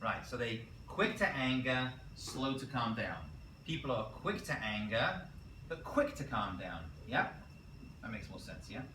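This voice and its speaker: A man teaching a college class as a rabbi, lively and quizzing his students, correcting himself as he goes. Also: mid-range voice, measured pace, slight background noise. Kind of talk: classroom lecture. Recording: roomy classroom picked up from a distance.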